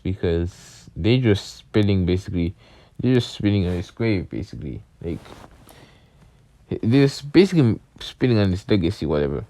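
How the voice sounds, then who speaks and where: A man's voice: lowish voice, mellow, dry recording. A young man casually retelling a story, rambling along and leaning on fillers as he goes. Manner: rambling, leans on "basically" and "was like". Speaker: channel host.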